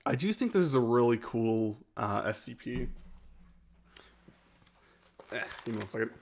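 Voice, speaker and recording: A man's voice: mid-range voice, expressive, normal speed, a little mellow, a little hiss or hum. A man chatting casually on a live stream as he ranks his own videos, rambling and hesitant and often laughing.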